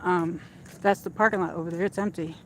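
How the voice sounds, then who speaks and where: There's a little hiss or hum as this host talks, her lowish voice fairly quick and evenly intoned. She's out in a shopping area at dusk, walking with a handheld phone and giving a casual, rambling livestream chat packed with fillers.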